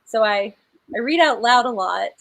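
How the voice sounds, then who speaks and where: A woman's voice: on the high side, animated, moderate pace, creaky, fairly bright tone, rough recording. A woman author hosting a live book premiere, chatting casually, laughing often and saying "y'all". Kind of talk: casual livestream chat.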